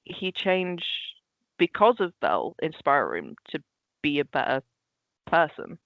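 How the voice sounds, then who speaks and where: A woman's voice: deep voice, big pitch swings, unhurried, creaky, dry recording. A woman co-hosting a film podcast, chatting animatedly and acting out characters' lines as she talks. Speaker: podcast co-host. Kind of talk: casual film discussion. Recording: slightly dull lo-fi mic.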